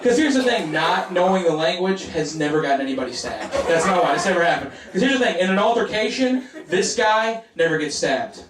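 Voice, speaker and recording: A man's voice: sits high, expressive, brisk, few pauses. Oklahoma guy doing standup, casual, lots of like, kinda far from the mic with the crowd laughing. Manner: casual, lots of "like", rhetorical asides. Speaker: stand-up comedian. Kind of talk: stand-up comedy set. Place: comedy club. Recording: echoey club, distant mic, crowd laughter. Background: audience laughter.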